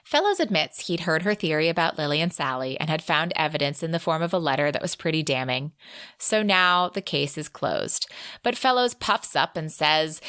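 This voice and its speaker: Female podcast co-host, brisk recapper and quote reader, lowish pitch, dry sound. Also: lively intonation, fairly bright tone, smooth, no room sound. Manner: brisk summarizing, reads quotes aloud. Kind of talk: casual book recap with read-aloud quotes.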